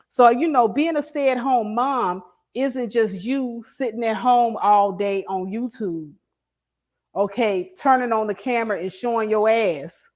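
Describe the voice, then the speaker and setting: A middle-aged woman hosting a casual commentary chat over an online call, talking in a blunt, emphatic way. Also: on the high side. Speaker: host.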